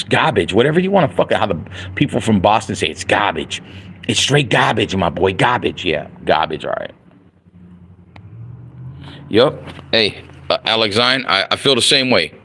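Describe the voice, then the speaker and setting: Middle-aged man for a loose late-night stream rant; low-set but lively delivery, profane and repetitive. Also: a little hiss or hum. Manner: profane, animated, repeats himself. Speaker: livestreaming vlogger.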